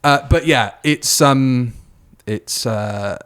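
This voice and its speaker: A man's voice: mid-range voice, extremely slow, fairly bright tone, clean tone. A man co-hosting a podcast, chatting casually and reeling off researched facts in a review. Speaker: podcast co-host.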